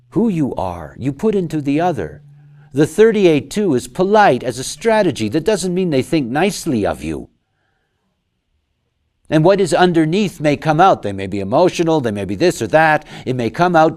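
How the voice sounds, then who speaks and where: A man giving a lecture, talking in an animated way and acting out quoted voices. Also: a little high. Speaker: lecturer on human design.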